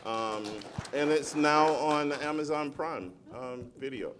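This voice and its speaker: A middle-aged man on a conference panel, a school principal telling a lively personal story and acting out the voices of the people in it. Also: a little high, slow, slight background noise. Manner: animated storyteller, acts out quoted voices.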